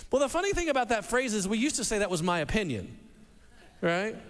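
A man preaching a sermon to a congregation, animated and repeating words as he restarts and acts out quotes. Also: extremely high pitch, quick pace. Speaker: pastor. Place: church hall with a congregation. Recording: long reverb of a large hall.

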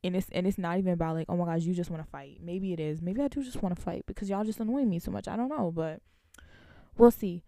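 A young woman, a college student, venting to her viewers in casual storytime chat, animated and laughing between lines. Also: fairly low pitch, fast, gravelly, dry recording, clean studio sound. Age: young adult.

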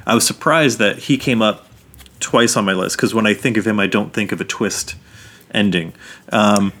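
Animated low-voiced man telling stories. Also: normal speed. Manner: animated storytelling, swears freely, acts out quotes. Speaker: podcast co-host. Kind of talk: casual podcast chat.

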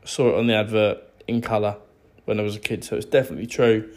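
A man's voice: lowish voice, fairly even intonation, fast talker, darkish tone. A man with an English accent, ranting sarcastically and with exasperation to camera. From England. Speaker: vlogger.

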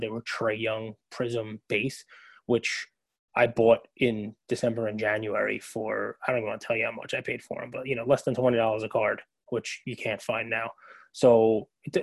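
A man's voice: on the low side, dry recording. A man co-hosting a podcast, telling a long story in casual chat, full of fillers and restarts. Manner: rambling, filler-heavy storytelling. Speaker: podcast co-host.

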